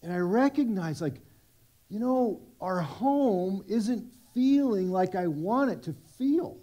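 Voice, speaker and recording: Middle-aged guy pastor giving a chatty sermon, higher voice, keeps restarting himself. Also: expressive, slow pace, mellow, muffled recording. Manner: conversational and self-deprecating, many restarts. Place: church service.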